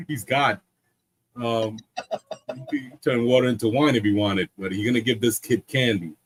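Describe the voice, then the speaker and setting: A man's voice: medium pitch, a little slow, long pauses, slightly rough, low-quality recording. A man, an artist on a live stream, telling a joke and chatting casually, laughing often and restarting his words.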